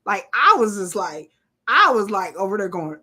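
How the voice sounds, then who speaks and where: A woman talks bluntly and animatedly, swearing freely as she comments on a TV episode. Her voice is bright and forceful, set at a middling pitch. She hosts a casual live stream. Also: normal speed. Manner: blunt, profane, animated, laughs often.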